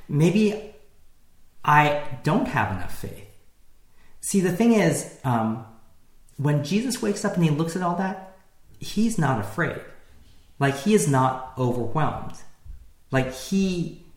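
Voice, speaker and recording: A man's voice: on the high side, big pitch swings, measured pace. Conversational male pastor, echoey room. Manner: conversational, many fillers and restarts. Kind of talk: sermon.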